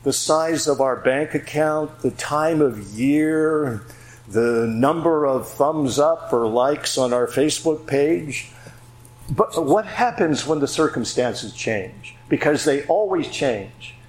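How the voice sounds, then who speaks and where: Slow, deliberate male preacher. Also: on the high side, lively intonation, poor audio. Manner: measured, deliberate delivery with rhetorical questions. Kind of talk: sermon.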